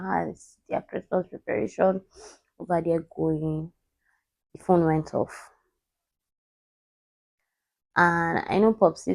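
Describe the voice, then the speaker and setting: A young woman vlogger telling a personal story in a halting voice, holding back tears. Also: on the low side, gravelly, darkish tone, no echo.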